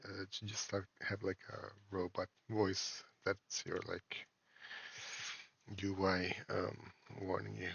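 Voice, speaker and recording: A man, an indie game developer and a father, talks through his game in a casual devlog, halting and full of fillers and restarts. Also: deep voice, flat delivery, vocal fry, fairly bright tone, husky, dry recording, muffled recording. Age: adult, a parent. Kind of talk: casual screen-recorded devlog.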